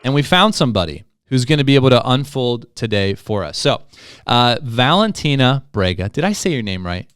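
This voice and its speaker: A man co-hosting a real estate podcast, joking and energetic as he introduces a guest. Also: medium pitch, fairly quick, smooth, no echo, studio quality. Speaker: podcast co-host.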